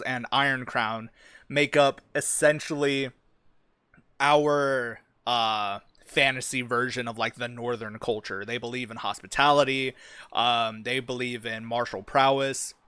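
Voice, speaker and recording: Smooth-voiced man rambling on a stream. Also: medium pitch, fairly even intonation, measured pace, pushed and bright, dry recording. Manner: rambling, profane, many fillers. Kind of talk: casual worldbuilding talk on a stream.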